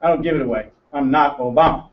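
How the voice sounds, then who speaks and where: A man's voice: medium pitch, fast. A man giving a brash, joking financial seminar to a room, teasing the audience as he talks. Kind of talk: lively seminar talk to a room. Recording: roomy, distant, muffled room recording.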